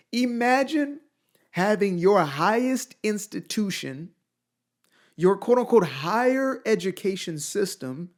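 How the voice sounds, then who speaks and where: A man delivering an emphatic solo opinion rant, with colloquial asides and rhetorical questions, who grew up outside the United States. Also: on the high side. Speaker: commentator.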